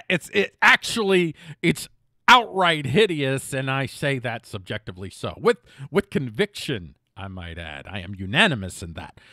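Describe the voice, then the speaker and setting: A man's voice: a little high, fairly bright tone, no room sound. A middle-aged man hosts a casual news commentary show, his voice swinging widely up and down as he reads headlines. He keeps cutting in with jokey, self-mocking asides, stumbling and restarting now and then. The sound is close and dry, with no room around it.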